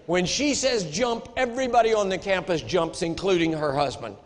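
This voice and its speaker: A man's voice: high voice, moderate pace. An American man preaching a sermon, telling a story with emphatic storytelling that rises into outrage. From United States. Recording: echoey hall.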